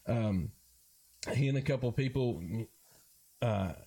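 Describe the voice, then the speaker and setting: A man, a guest talking about a charity bike ride in a halting way, full of fillers and restarts. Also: medium pitch, expressive, creaky, mellow, slight background noise. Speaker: guest, board member of a first-responder charity ride. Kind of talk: casual interview talk.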